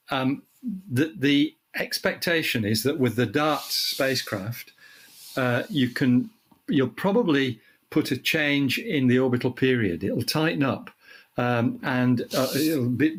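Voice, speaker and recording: An older man from the UK, with a frog in his throat, explaining space science in casual chat and clearing his throat often. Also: mid-range voice, unhurried. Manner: thoughtful, restarts phrases, clears throat often. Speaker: astronomy guest expert.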